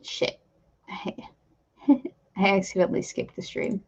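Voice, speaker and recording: A woman hosting her own live stream, chatting casually and rambling with self-deprecating asides to her viewers. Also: slow pace. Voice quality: gravelly fry in voice. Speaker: streamer host. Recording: slightly dull lo-fi stream mic.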